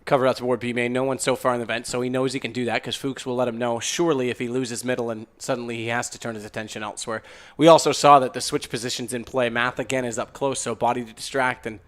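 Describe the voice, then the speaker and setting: A man's voice: mid-range voice, little pitch movement, quick pace, few pauses, fairly bright tone. A man doing live esports commentary, breaking into playful joking asides between the calls.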